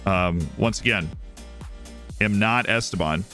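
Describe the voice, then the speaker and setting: Bright-voiced excitable male streamer. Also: fairly low pitch, slow, soft background music. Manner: excitable, jokey, talks to himself. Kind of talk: casual game commentary.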